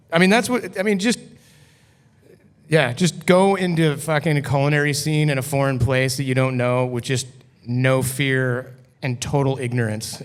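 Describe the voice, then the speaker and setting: A man who is a podcast guest, telling a story in a loose, cursing, casual way full of "like". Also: mid-range voice. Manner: loose and profane, heavy use of "like". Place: brewery taproom. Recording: long hall reverb.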